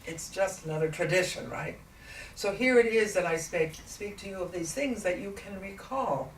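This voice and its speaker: A woman in trance channels a gentle, patient ancient male spiritual teacher, speaking slowly and deliberately in a natural, medium-pitched voice and posing many rhetorical questions. The recording sounds echoey, with a distant mic and faint noise.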